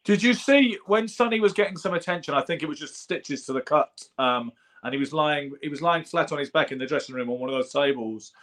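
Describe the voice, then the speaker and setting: Quick-talking man telling boxing stories. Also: on the high side. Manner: fast, storytelling delivery with lively quoted asides. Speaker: podcast co-host. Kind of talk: casual boxing chat.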